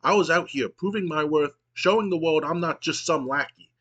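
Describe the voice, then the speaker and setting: A man doing a frantic, high-pitched wrestler sidekick. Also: moderate pace, fairly bright tone. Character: nervous, overeager young male wrestler sidekick.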